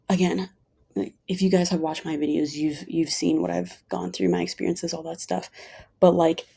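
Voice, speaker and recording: Woman, low-pitched and gravelly, casual confessional vlog delivery. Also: warm tone. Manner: earnest, rambling, heavy use of "like". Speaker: vlogger. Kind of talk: casual personal vent vlog.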